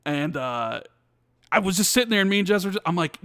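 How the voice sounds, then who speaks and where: A man co-hosting a casual gaming podcast, telling stories with lively acted-out dialogue and many restarts. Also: high voice, fairly quick, smooth, no room sound, clean studio sound. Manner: animated storytelling, acts out quoted dialogue. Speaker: podcast co-host. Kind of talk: casual chat.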